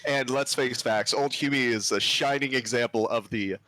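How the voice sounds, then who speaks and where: A man's voice: mid-range voice, moderate pace, bright, forceful tone, dry recording. A man playing in a tabletop game, describing his character's actions in detail with a wry edge. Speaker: player. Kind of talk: casual tabletop game chat.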